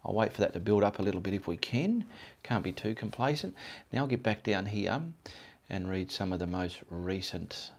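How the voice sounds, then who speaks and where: Hosting a laid-back live stream, a Perth-born livestream host and artist from Western Australia rambles along and says hello to viewers by name. He speaks at a normal speed in a low, expressive, slightly mellow voice.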